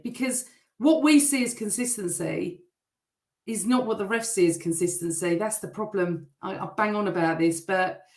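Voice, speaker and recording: A middle-aged woman hosting a live football fan show, chatting and reading out viewer comments, her voice a bit rough. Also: mid-range voice. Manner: chatty, warm toward viewers, teasing. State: voice still rough from shouting. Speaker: host. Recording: echoey room.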